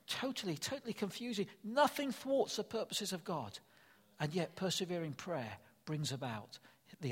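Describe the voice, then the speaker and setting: A man's voice: on the high side, breathy edge, long reverb tail. An older man preaching a sermon, earnest and emphatic, repeating his key phrases.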